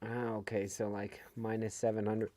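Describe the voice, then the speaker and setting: A man's voice: lowish voice, little pitch movement, normal speed, dark tone, dry recording. A middle-aged American man co-hosting a football fan show, chatting casually and laughing often over a video call. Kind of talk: casual chat.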